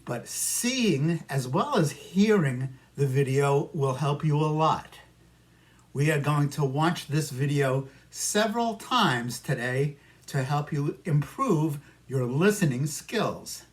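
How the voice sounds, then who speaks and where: A man's voice: on the high side, lively intonation. A man with a New York accent teaching an English listening lesson, talking patiently to students and echoing their answers. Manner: slow, patient, talks to imagined students and answers for them. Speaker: ESL teacher. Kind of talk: simulated classroom micro lesson.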